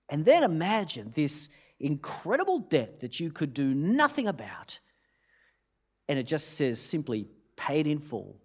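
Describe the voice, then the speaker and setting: Guy preaching, tells a funny story, voice jumps all over, lots of restarts. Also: a little high. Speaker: pastor. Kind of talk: sermon.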